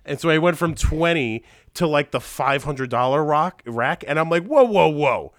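A man with a stuffy, congested voice, telling animated stories in a casual podcast chat and swearing casually. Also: a little high, normal speed, a little hiss or hum. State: congested from a sinus infection. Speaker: podcast regular.

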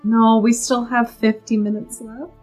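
A woman's voice: a little high, flat delivery, unhurried, darkish tone, faint music behind. A woman co-hosting a podcast, reacting expressively and giggling during a movie watch-along. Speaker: podcast co-host. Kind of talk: casual watch-along banter.

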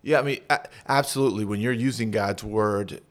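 A man's voice: on the low side, fairly quick. A man, a pastor, talking earnestly on a podcast and walking through example prayers as he teaches. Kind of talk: podcast conversation.

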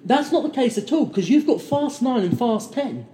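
A podcast co-host rambles enthusiastically through casual film chat, slipping into put-on voices whenever he quotes people. His voice is very high-pitched yet dark in tone, animated, and delivered at a normal speed. The room he's in is echoey.

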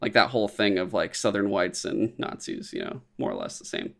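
A man's voice: on the low side, huge pitch swings, fairly quick, creaky, fairly bright tone. A man co-hosting a podcast, chatting casually about a show with a rambling, joking manner and lots of fillers. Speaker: podcast co-host. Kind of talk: casual chat reviewing a show.

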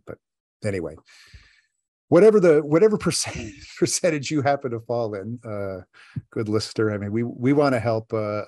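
Low-voiced man musing on a podcast. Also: a little mellow, dry recording. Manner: talkative, thinking aloud with many fillers. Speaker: podcast co-host. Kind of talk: casual podcast chat.

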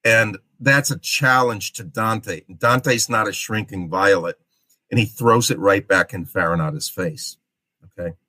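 A man giving a literature lecture, deliberate and explanatory, often checking in with "okay?". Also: fairly low pitch, bright, forceful tone, no echo.

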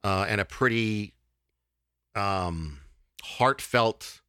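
A man hosting a casual podcast, talking in a halting way with many fillers and restarts. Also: fairly low pitch, sharp tone, smooth, dry recording, studio quality. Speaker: podcast host.

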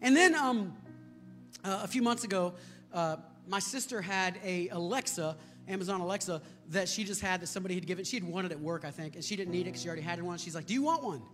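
An American pastor preaching to a congregation, his voice very high and bright. He moves from storytelling into loud, fervent preaching. The sound carries the long echo of a church hall, with music playing faintly behind him. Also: fast. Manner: storytelling, building to shouted preaching. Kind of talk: sermon. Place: church sanctuary.

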